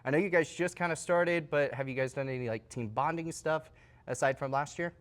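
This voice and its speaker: A man's voice: fairly high pitch, a little fast. A man hosting a casual sports interview, chatty and joking, with many fillers and restarts. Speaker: host.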